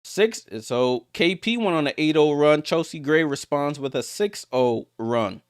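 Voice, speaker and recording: A man giving live play-by-play of a basketball game as a streamer, getting louder on big plays and greeting viewers in the chat. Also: measured pace, clean tone, no room sound, clean studio sound. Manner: rises sharply in pitch and volume on big plays.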